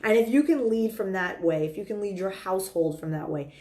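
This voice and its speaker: A woman's voice: mid-range voice, a little fast, a little mellow. A middle-aged woman giving dating advice in a casual, earnest monologue, talking with lots of likes and ums. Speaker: dating coach.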